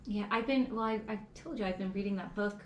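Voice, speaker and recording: A middle-aged woman co-hosting a podcast in casual chat, full of quick reactions and heated asides. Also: mid-range voice, a little mellow, roomy sound. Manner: reactive, gasps and quick interjections, heated when ranting. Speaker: podcast co-host.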